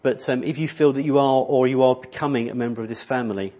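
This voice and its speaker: A man's voice: medium pitch, fast, dark tone. A middle-aged man preaching a sermon in a church hall, rambling and conversational, with many restarts. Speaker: pastor.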